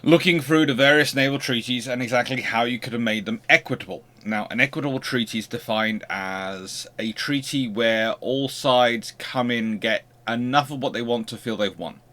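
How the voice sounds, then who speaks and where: A man's voice: medium pitch, normal speed, few pauses, sharp tone. A man hosting a history channel, giving an unscripted lecture and posing rhetorical questions as he explains.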